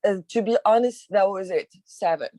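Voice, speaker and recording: Woman, agent on a group call, mellow and polite, dry sound. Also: mid-range voice, normal speed, no room sound. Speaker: real estate agent on a coaching call.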